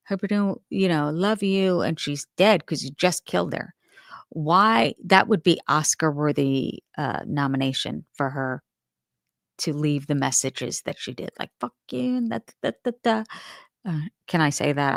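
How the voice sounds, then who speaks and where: A woman's voice: low voice, vocal fry, dry recording, studio quality. A woman hosting a crime show, giving casual, candid opinions and thinking aloud as she talks.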